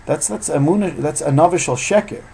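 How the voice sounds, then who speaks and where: A man teaching an informal evening Torah class, telling stories with animated, loud bursts when he acts out quotes. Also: on the high side, a little fast, vocal fry, slightly rough, poor audio.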